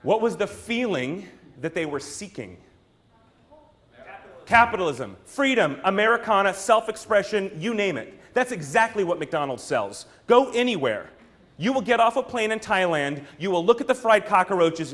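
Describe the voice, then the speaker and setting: Speaking at a moderate pace, this American brand strategist delivers a punchy keynote to a live room in a high, lifted, expressive voice. Rhetorical questions and theatrical asides punctuate his talk.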